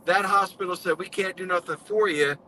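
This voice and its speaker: A man's voice: high voice, a little fast, pushed and bright, a little hiss or hum, rough recording. A man earnestly telling his story in casual live-stream chat, with folksy speech.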